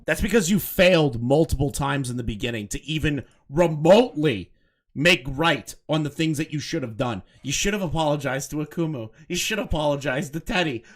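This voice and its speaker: A man's voice: a little high, lively intonation, a little fast. A man doing casual live commentary on clips, talking in a heated, profane and mocking way. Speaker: commentary streamer.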